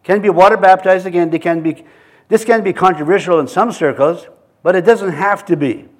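A man's voice: high voice, fairly quick. A man preaching a sermon in a church, mixing scripture readings with joking, chuckling asides. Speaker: pastor.

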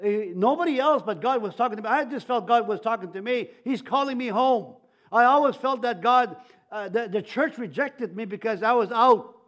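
An older man preaches a sermon as a pastor, telling his own story with many restarts and stammered repeats and growing louder on key phrases. His voice is very high-pitched and his pace moderate.

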